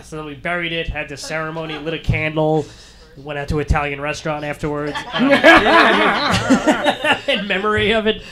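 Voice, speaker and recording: A man doing a stand-up comedy set, telling stories in a deadpan way and acting out the voices of the people in them. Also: fairly high pitch, brisk, crowd noise. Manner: deadpan storytelling that acts out quoted voices.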